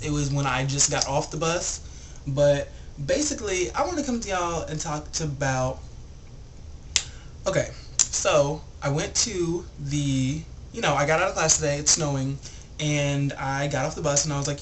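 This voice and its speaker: A young man vlogging a rambling, animated story, packed with filler words. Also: fairly high pitch, background noise. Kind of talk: casual storytelling vlog.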